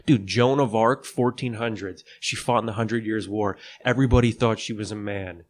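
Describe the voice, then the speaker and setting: A man's voice: fairly low pitch, moderate pace. A man hosting a podcast alone, talking casually and jokingly, with a loose, slangy way of chatting. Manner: laid-back and jokey, says "dude" a lot. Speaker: podcast host. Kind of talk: casual solo legal podcast chat.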